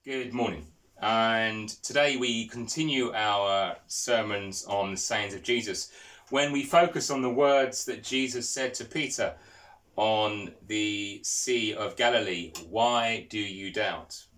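A man's voice: lowish voice, a little slow, a bit bright. A man preaching a sermon, telling stories and asking the congregation questions. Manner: storytelling, asks the listeners questions.

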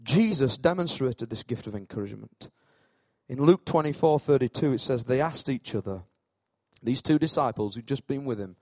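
A male pastor preaching a sermon, swinging between hushed lines and loud, animated peaks, and joking with his congregation by name. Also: medium pitch, normal speed, dry recording.

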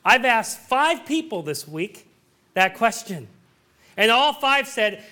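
A man with a strikingly high voice preaches a sermon. He delivers it earnestly and breaks in now and then with light joking asides. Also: big pitch swings, slow, sharp tone. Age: adult. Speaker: pastor.

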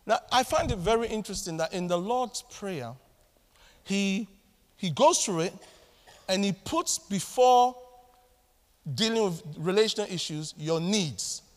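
Guy preaching in a church, lively, acts stuff out, highish voice, big reverb. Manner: animated, acts out family scenes with voices. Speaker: pastor. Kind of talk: sermon. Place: church hall. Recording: long hall reverb.

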